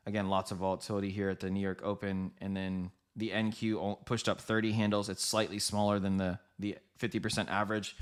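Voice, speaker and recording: A man hosting a live trading stream, giving quick, rambling market commentary, correcting himself and talking straight to his viewers. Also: on the low side, a bit bright, clean tone. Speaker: livestream trading host.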